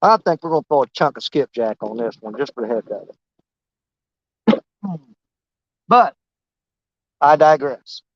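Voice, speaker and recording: A man's voice: mid-range voice, animated, measured pace, long pauses, no echo, highs cut off. A man, rambling and joking about himself as he rigs his fishing rods outdoors for his vlog. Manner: rambling, joking, self-mocking. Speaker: fishing channel host. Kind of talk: casual outdoor vlog talk.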